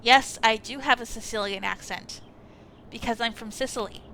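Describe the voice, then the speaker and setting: A woman's voice: a little high, moderate pace, pushed and bright, a little hiss or hum, rough recording. A woman voicing a guarded young androgynous woman who answers curtly and dryly, reading a visual novel aloud.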